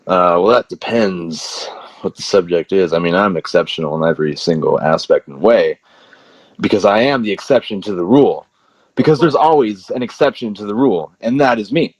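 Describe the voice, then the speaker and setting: A man's voice: low-pitched, normal speed. A man, a wrestler guest, telling long rambling stories full of "like" in a casual interview. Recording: slightly muffled dry audio.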